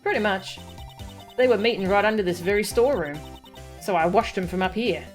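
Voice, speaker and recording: A woman's voice: medium pitch, brisk, faint music behind, natural voice. A woman voicing a brash young female photographer who talks in a folksy, drawling country way, read aloud from a game.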